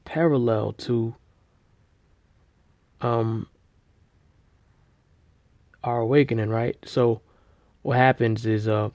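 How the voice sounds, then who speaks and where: A man casually retelling a story, rambling with slang, fillers and restarts, and getting loud and animated at the big moments. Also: medium pitch, slow pace, long pauses, no room sound. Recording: dull lo-fi recording.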